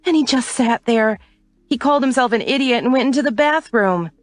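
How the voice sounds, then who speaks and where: A woman doing a young woman crying, heartbroken, high and wobbly, storybook style. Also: moderate pace, darkish tone, dry recording, close to an everyday voice. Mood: distressed.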